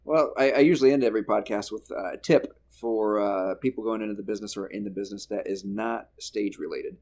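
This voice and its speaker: Gravelly-voiced male podcast host. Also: fairly low pitch, fairly quick. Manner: storytelling, laughs loudly at guest's jokes. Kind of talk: casual interview chat.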